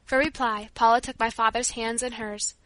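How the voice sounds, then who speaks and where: A woman narrating a children's story in a steady, gentle reading manner. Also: fairly high pitch, moderate pace, dry recording.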